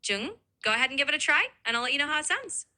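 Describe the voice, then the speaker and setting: A woman's voice: sits high, animated, very fast, pushed and bright. A synthetic woman's voice acting as an AI language tutor, upbeat and encouraging, overly nice. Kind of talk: chatbot voice assistant.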